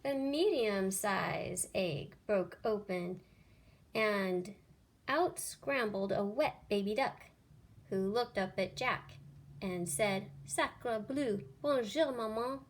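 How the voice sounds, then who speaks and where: A woman teacher reading a children's picture book aloud with expressive storytelling. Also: medium pitch, slow pace.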